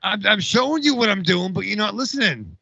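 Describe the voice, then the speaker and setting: A man's voice: sits high, expressive, a little fast, creaky, sharp tone, slightly rough, no echo. A man co-hosting a podcast, bantering casually and swearing playfully while he insists on his point. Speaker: podcast co-host. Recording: dull lo-fi sound.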